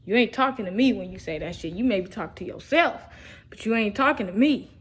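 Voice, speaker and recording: A woman's voice: medium pitch, animated, a little fast, husky. A young woman, talking in a rambling, profane monologue for a posted video. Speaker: vlogger. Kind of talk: casual recorded video monologue.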